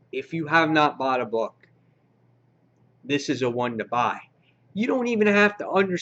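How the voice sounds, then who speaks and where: An excitable man reviewing a comic in a casual, slangy way, his voice sitting a little high. The recording sounds dull and lo-fi. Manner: excitable and slangy, acts out his own gasps.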